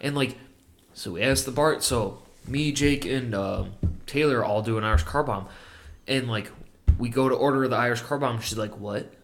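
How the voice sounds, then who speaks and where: A man spins a rambling drinking story packed with "like" and swearing, loose and conversational. His voice sits at an ordinary pitch, nothing pushed. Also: moderate pace, a little hiss or hum. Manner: profane storytelling with many fillers. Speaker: podcast co-host. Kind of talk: casual drinking chat.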